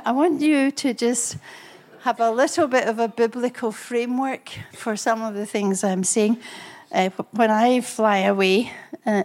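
An older woman, preaching and telling personal stories in a lively way, chuckling often. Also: mid-range voice. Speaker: speaker and couple therapist. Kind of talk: preaching with storytelling.

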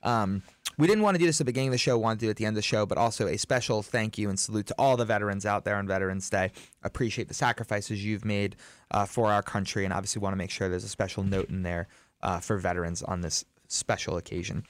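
A man's voice: on the low side, quick pace, no echo. A man hosting a local sports talk show, reading event listings and joking with his co-hosts. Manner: lively, laughs often, lists events. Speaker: show host. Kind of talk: casual studio chat.

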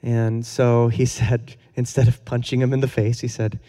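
A man's voice: mid-range voice, level tone, moderate pace, warm tone, long reverb tail. A man preaching a conversational sermon in a casual, earnest way, with fillers and chuckles. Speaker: pastor.

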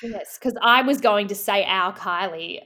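A woman in a comedy chat, talking in a mock-earnest, rambling way. Her pitch sits in an ordinary middle range. She restarts her sentences over and over. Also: unhurried, bright, forceful tone. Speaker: comedic interviewer in character.

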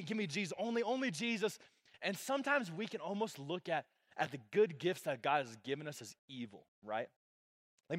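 A young man preaches to his church in a loose, conversational way, with fillers everywhere. His voice sits high for a man, and he swings from loud, excited stretches down to hushed, quiet moments. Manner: casual, filler-heavy preaching with lots of "like"; animated, swings between loud and soft. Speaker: pastor. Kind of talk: sermon.

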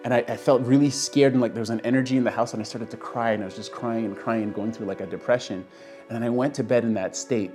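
A man's voice: mid-range voice, steady tone, fast talker, over music. A young man casually telling a personal story, acting out the voices of the people he quotes. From Canada. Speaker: guest telling his story.

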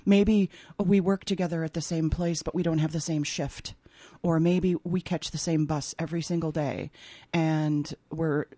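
A woman's voice: deep voice, fairly even intonation, normal speed, hardly any pauses, mellow, no room sound. A woman talking as a guest on a radio show, casually and animatedly, often laughing. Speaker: textile artist and opera singer guest. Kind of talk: casual radio interview chat. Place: radio studio.

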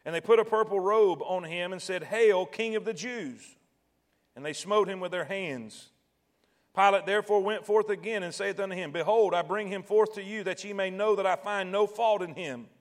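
High-voiced man preaching a dramatic sermon. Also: normal speed. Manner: dramatic, acts out quoted voices and swells to shouts.

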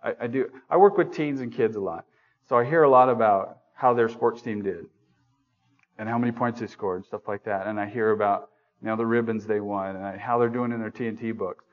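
A man's voice: lowish voice, fairly quick, lo-fi sound. A man preaching a sermon in a church room, talking conversationally, asking the congregation questions and joking at his own expense. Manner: self-deprecating humor.

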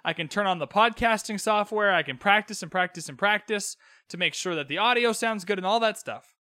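A man's voice: high voice, a little fast, sharp tone, dry recording, studio quality. A young man hosting a podcast, recapping a TV episode in casual, sarcastic commentary and swearing freely. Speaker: podcast host. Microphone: own podcast microphone.

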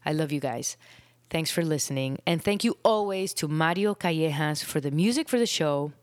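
A young adult woman hosting her own podcast, a little out of breath, talking in an earnest, reflective way, with phrases trailing off into soft breathy whispers. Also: sits low, expressive, moderate pace, dry recording, studio quality. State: out of breath after illness. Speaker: podcast host. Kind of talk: casual solo podcast talk.

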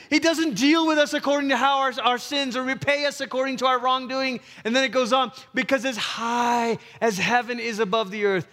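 Animated preacher man with a high voice. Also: fairly quick, few pauses, big-room sound. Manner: animated, acts out voices, swings from loud to hushed. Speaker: pastor. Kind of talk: sermon.

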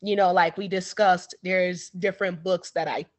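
Woman author chatting in an interview, lively storyteller, does little voices for people in her story. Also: on the low side, moderate pace. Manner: animated, acts out the people in her stories. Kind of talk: casual storytelling chat.

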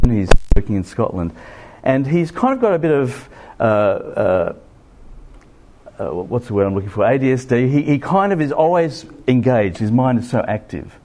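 Middle-aged Australian male preacher, conversational sermon, lively up-and-down pitch, poses rhetorical questions.

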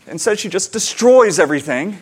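A man in his thirties, a pastor and parent, preaching a conversational sermon with fillers and lively retellings. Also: sits high, brisk, breathy edge.

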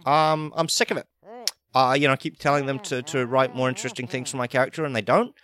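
A man, hosting a podcast in a rambling, deadpan comedic monologue full of fillers and restarts. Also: mid-range voice, quick pace. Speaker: podcast host.

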